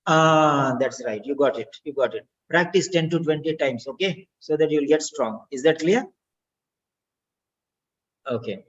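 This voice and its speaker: A man's voice: fairly high pitch, unhurried, breathy edge. A man, giving spoken feedback in an online class and correcting the student by repeating words and sounds for drilling. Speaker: English speaking tutor. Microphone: video call. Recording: dull lo-fi video call audio.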